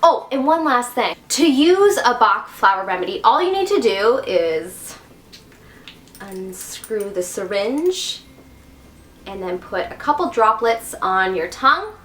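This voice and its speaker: A woman's voice: fairly high pitch, very animated, a little slow, a bit bright. A young woman hosting a casual wellness vlog, chatty and giggly as she talks to her viewers. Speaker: YouTube wellness host. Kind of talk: casual talk to camera. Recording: echoey room.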